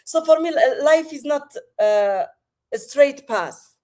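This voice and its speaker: French-accented woman on a video call, kinda high voice, lots of uhs and restarts. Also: expressive, takes it slowly, darkish tone. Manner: hesitant, many fillers and restarts. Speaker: podcast guest. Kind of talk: remote interview.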